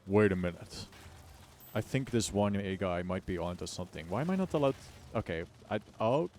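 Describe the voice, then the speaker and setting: A man's voice: low-pitched, lively intonation, a little fast, darkish tone, a little hiss or hum. A male streamer chatting casually while he plays a game. He jokes loosely with his chat, swears freely and laughs often between his lines.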